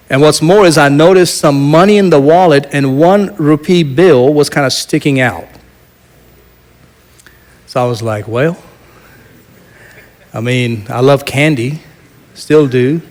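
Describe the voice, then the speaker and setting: A middle-aged man preaching a sermon as pastor, telling a personal story and moving between loud proclamation and quiet asides. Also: a little high.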